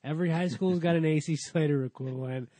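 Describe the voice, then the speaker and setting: A man's voice: a little high, quick pace, warm tone, no echo. A man co-hosting a podcast and chatting casually, joking around in playful banter. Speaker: podcast co-host. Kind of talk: casual chat.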